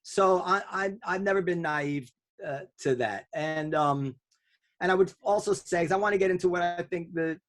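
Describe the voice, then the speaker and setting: This round-table podcast host speaks in a slightly higher voice at normal speed, keeping things loose and casual. He circles back as he rambles, filling his talk with ums, fillers and restarts.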